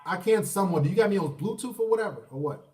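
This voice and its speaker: Racing along in an animated, high-pitched voice with a darkish tone, this call-in show host is a man in his thirties running a laid-back live stream. He's blunt and swears as he pushes callers to speak, and he's recorded off-mic, distant, in an echoey room.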